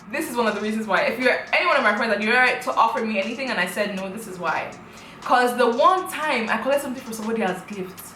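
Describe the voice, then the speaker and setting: Bright-voiced woman telling a story. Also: a little high, reverberant, rough recording. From Africa. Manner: animated, dramatic retelling full of rhetorical questions. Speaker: vlogger. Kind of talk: storytime vlog.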